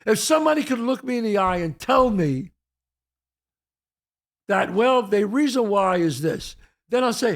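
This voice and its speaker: Older american guy ranting on his show, highish gravelly voice, swoops all over, swears a lot, keeps asking "tell me". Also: lively intonation, measured pace, long pauses. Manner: emphatic, profane, rhetorical questions. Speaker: podcast host. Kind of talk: heated solo monologue.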